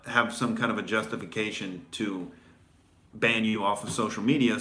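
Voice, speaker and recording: A man's voice: fairly low pitch, sharp tone. A male comedian hosting a casual commentary show, rambling with fillers and restarts in a sarcastic tone. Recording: echoey room.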